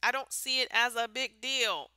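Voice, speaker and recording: A woman rants bluntly into the camera on a casual vlog, exasperated and swearing freely. Her voice is bright and clear, with a smooth, crisp tone. The sound is close and dry, with no room around it. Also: fairly high pitch, fairly even intonation, normal speed, no echo. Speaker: vlogger.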